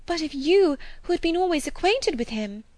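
A woman voicing an excitable, naive young woman who gushes in breathless, rising exclamations in an audiobook. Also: sits high, normal speed, no room sound, voice pushed up. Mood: agitated. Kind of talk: audiobook character voice.

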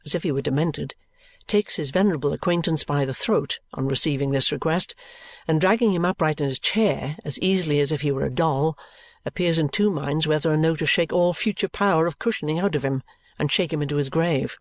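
A man reading a classic novel aloud in a formal, even-toned storytelling manner. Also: on the high side, brisk, no echo. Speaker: audiobook reader.

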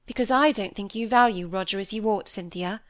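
A woman's voice: mid-range voice, a little fast, no room sound, lightly acted. A woman voicing a serious, earnest young woman who speaks sincerely and firmly.

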